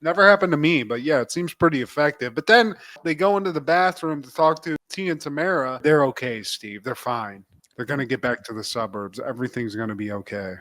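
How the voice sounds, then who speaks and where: A man's voice: medium pitch, brisk, fairly bright tone. A man co-hosting a podcast, recapping a show in a loose, laughing, casual way and often calling his co-host by name. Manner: keeps addressing co-host by name.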